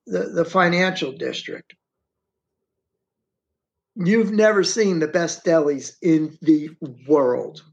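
A middle-aged man, an interview guest, telling a first-person story in a rambling, repetitive way and often slipping into the present tense. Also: high-pitched. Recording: dull, muffled audio.

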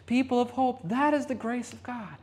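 Lady pastor preaching, slightly high voice, repeats lines and slows down for emphasis. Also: darkish tone. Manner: emphatic repetition, slowing for stress. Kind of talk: sermon. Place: rehearsal hall.

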